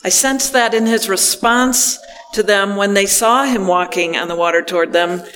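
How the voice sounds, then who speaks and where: A man preaching a reflective sermon, speaking gently with pauses between phrases. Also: high voice, long reverb tail.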